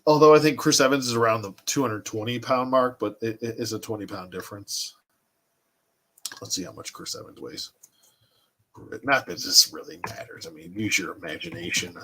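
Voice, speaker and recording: A man in his thirties hosts a casual livestream. He rambles and thinks aloud as he answers his chat, and his pitch swings up and down freely. His voice has a bright, forward edge. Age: 30s. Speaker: toy collecting livestream host.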